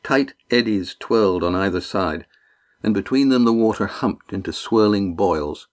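A man narrates an adventure audiobook in a steady, measured voice. His pitch sits somewhat low.

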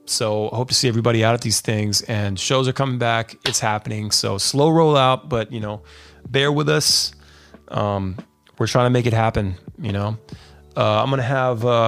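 A man's voice: lowish voice, gravelly, a bit bright. A man hosting his podcast stream in a laid-back, rambling chat, dropping fillers and calling listeners "dude". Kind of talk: casual live-stream chat.

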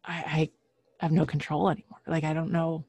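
A woman telling a personal story casually, halting often with fillers and restarts and clearing her throat now and then. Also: sits low, level tone, darkish tone, no echo.

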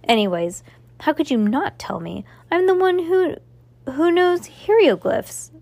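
A woman reading aloud, voicing an eager, talkative know-it-all boy with an excited, quick delivery in a storybook. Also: fairly high pitch, no room sound, pitched above the performer's own voice, close to an everyday voice.

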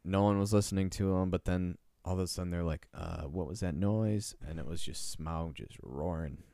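Very low-voiced young man, joking. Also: flat delivery, brisk, mellow, clear, resonant tone, no room sound. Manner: rambling, jokey, self-deprecating. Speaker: podcast co-host. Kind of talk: casual book chat.

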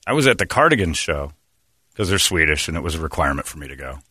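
A man's voice: extremely low pitch, big pitch swings, quick pace, bright, forceful tone, no echo, clean studio sound. A middle-aged man hosting a podcast, telling rambling, crude, jokey stories in casual chat. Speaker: podcast host.

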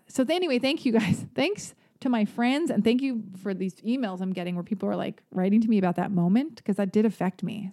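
A woman's voice: medium pitch, mellow. A woman hosting a solo podcast on a stand mic, talking candidly and rambling with casual swearing as she answers listener emails. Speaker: podcast host.

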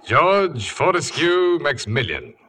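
An actor playing a brusque, brooding wealthy gentleman with a curt, commanding manner, in 1940s radio drama style. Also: fairly high pitch, wildly swooping pitch, takes it slowly, full character voice. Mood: teasing.

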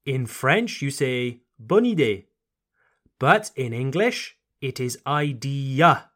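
On a podcast, a man teaches English pronunciation, speaking slowly and over-articulating words carefully while slipping in short French phrases. His mid-range voice is very animated, with a fairly bright tone.

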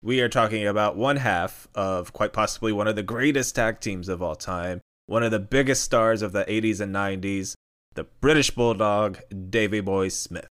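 A man's voice: lowish voice, moderate pace, fairly bright tone, clean tone. A man hosting a comedic podcast, playful and laughing often. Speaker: podcast host.

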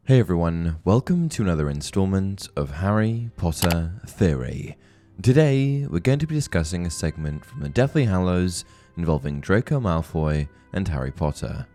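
Man, deep voice, scripted narration, lively intonation, faint music. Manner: clear, measured storytelling with expressive emphasis. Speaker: host of a book-theory channel. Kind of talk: scripted narration and book reading.

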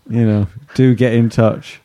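A man's voice: mid-range voice, little pitch movement, takes it slowly, warm tone. A man hosting a casual football podcast chat, jokey, laughing often and trailing off mid-sentence. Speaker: podcast host.

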